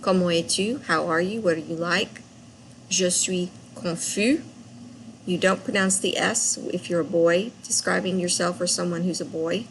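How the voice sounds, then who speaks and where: A woman French teacher recapping a lesson for students, speaking patiently and repeating phrases clearly. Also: lowish voice, moderate pace, a little hiss or hum, low-quality recording.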